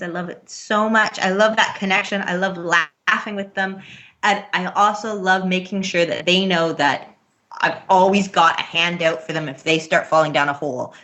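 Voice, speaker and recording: Bright-voiced woman, chatty and earnest. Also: lowish voice. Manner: earnest, chatty, laughs often. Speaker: podcast guest, parenting coach. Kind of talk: casual interview talk.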